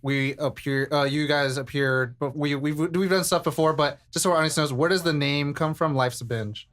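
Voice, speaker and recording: A man's voice: on the high side, normal speed, a bit bright. A man co-hosting a podcast, joking in easygoing casual chat. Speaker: podcast co-host.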